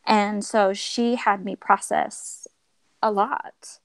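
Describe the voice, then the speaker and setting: Speaking slowly at a medium pitch with no echo, a young adult woman recounts something from her own life on a podcast. Her delivery is expressive, with frequent laughter and acted-out lines of dialogue.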